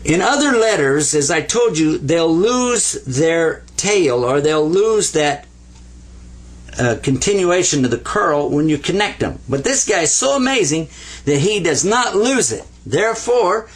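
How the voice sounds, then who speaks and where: An older man with a slightly husky voice teaches Arabic letters in a slow, patient way. His pitch rises and falls with lively swings as he playfully repeats each sound. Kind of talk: whiteboard language lesson.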